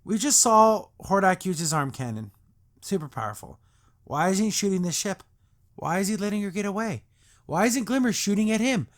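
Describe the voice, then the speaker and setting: A man's voice: high voice, lively intonation, moderate pace. A man hosting a podcast, recapping and reacting to a cartoon episode in a sarcastic, exasperated rant.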